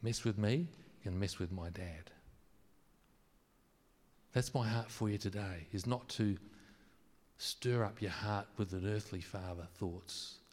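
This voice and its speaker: A man preaching a sermon, earnest and emphatic at times, then soft and intimate. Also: on the low side, slow pace, pauses often. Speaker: pastor. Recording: long hall reverb.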